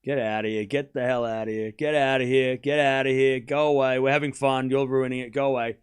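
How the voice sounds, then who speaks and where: A man hosting a live tennis watchalong stream, calling points with excitement and chatting casually and bluntly with his viewers. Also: mid-range voice, fairly quick, smooth. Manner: excited play-by-play, then ranting casually at chat. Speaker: stream host and tennis commentator. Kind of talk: live watchalong commentary with chat.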